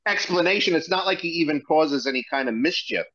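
A man who is a guest on a podcast, talking in an indignant, questioning way and often restarting his sentences. His voice is high for a man. The audio sounds dull and muffled, as if from a lo-fi connection. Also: animated, brisk, fairly bright tone. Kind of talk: casual chat.

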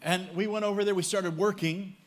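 Male preacher, slightly high voice, joking storyteller, pausing line by line. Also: fairly even intonation. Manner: humorous storytelling, pauses for interpreter. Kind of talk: sermon with live interpretation.

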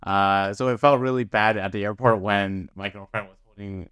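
A man's voice: fairly low pitch, fairly even intonation, moderate pace, fairly bright tone, clean tone, no echo, clean studio sound. A man co-hosting a casual podcast, supportive, with hesitant starts. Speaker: podcast co-host. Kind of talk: casual chat.

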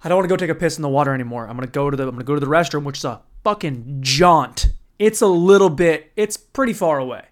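A man's voice: a little high, animated, fast. Profane, rambling male stand-up comic. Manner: profane, rambling, bro-ish. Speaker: stand-up comedian. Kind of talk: stand-up storytelling.

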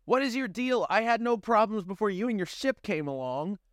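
Grumpy sarcastic young guy, complaining, with lively swings in pitch, played by a man. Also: normal speed, no room sound, studio quality. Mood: irritated.

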